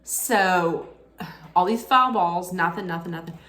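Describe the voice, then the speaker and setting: A woman vlogger telling a casual story, animated and excitable, laughing often. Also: lowish voice, a little slow, reverberant.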